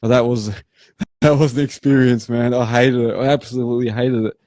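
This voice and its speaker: An Australian man hosting a live show, rambling through animated work stories in casual chat. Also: mid-range voice, normal speed, no room sound. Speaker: host.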